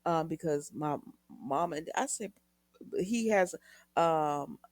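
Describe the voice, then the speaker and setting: A woman's voice: low voice, animated, takes it slowly, no room sound. A woman recapping a soap opera episode in a chatty way, retelling scenes with quoted lines and asides to her viewers.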